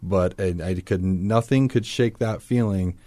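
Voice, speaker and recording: A man's voice: low voice, a little slow, dark tone. A man as a podcast guest, telling his personal story in an earnest, reflective way.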